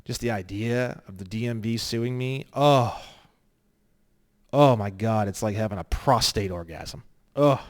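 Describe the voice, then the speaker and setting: A man teaching an online course in a crude, joking way, swinging between low muttering and loud, excited rants. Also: measured pace. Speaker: online legal course instructor. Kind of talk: profane, rambling screen-share lesson.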